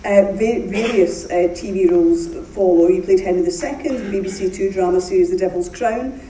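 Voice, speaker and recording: A woman's voice: mid-range voice, fairly quick, mellow, slight background noise. A woman hosting an on-stage interview, chatty and prompting with questions. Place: theatre stage before an audience. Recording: roomy, distant live theatre recording.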